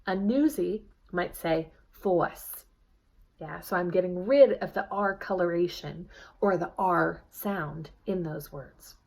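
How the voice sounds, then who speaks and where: Slow, patient woman dialect coach. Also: on the low side, darkish tone. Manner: slow, demonstrating sounds and prompting the viewer to repeat. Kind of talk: video accent lesson.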